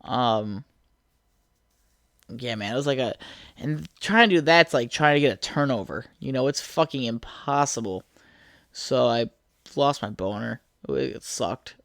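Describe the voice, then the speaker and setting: A man's voice: mid-range voice, a little slow, gravelly, pauses often, a bit bright, dry recording. Male solo podcaster, mid-range voice, foul-mouthed rambling storyteller, apartment setting with a dry sound. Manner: crude, rambling, profane, easily sidetracked. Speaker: podcast host. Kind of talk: solo casual podcast rant. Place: apartment room.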